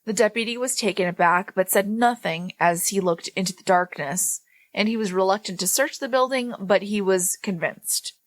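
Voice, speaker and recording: A woman's voice: medium pitch, moderate pace, dry recording. A woman podcast co-host reading a paranormal story aloud, breaking off now and then to laugh and joke with her co-host.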